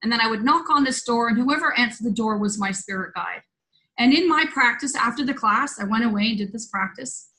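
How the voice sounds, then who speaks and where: A woman's voice: a little high, fairly quick, pushed and bright, low-quality recording. A woman hosting a spiritual roundtable over a video call, telling a story in an earnest, loose, conversational way. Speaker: host.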